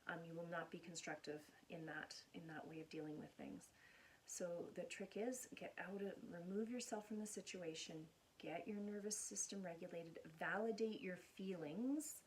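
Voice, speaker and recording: An earnest woman counselor speaks casually to camera, walking through everyday examples. Her voice sits a little low, with a faint hiss underneath. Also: normal speed. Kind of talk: casual explanatory talk to camera.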